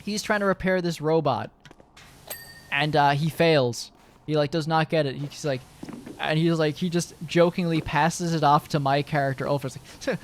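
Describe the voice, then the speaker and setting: Young guy streamer rambling on, lots of uhs and likes, swears a bunch, voice a bit high. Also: normal speed, a little hiss or hum. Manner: rambling, full of fillers, restarts and swearing. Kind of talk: casual chat to stream viewers.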